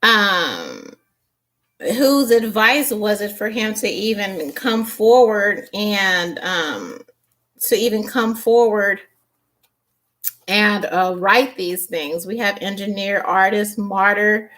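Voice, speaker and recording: Woman doing a tarot reading, talks slow, lots of um and uh, keeps restarting. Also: mid-range voice, lively intonation, a bit bright. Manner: halting, many fillers and restarts; grows impassioned and indignant. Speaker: tarot reader. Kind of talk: casual tarot commentary.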